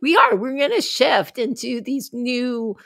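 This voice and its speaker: Her voice sits high and creaky, and she speaks without hurry; the recording has no room sound. Co-hosting a relaxed livestream chat, she spins lively stories full of laughter and performs other people's quoted lines.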